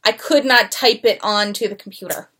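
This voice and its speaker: A young woman co-hosting a podcast chats casually and tells stories, acting out her coworkers' lines as she goes. Her mid-range voice moves at a moderate pace, with background noise behind her.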